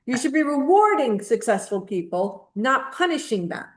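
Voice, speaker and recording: A woman's voice: sits high, very animated, normal speed. A woman co-hosting a casual opinion chat, talking in a blunt, emphatic, indignant way. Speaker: podcast co-host.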